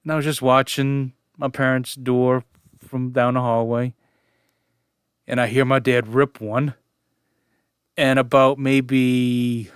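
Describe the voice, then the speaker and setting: A man's voice: mid-range voice, clean tone, no room sound, clean studio sound. A man in his forties telling a funny family story as a casual vlogger, chuckling and fighting back laughter. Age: 40s.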